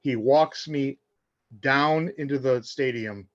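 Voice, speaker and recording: A man's voice: mid-range voice, slow, no echo. A middle-aged man from Indiana, a guest on a fan podcast. He chats casually and tells long stories, slipping into the voices of the people in them. His voice sounds close and dry, with a slightly muffled, dull tone. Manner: animated storyteller, acts out quotes. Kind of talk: casual chat.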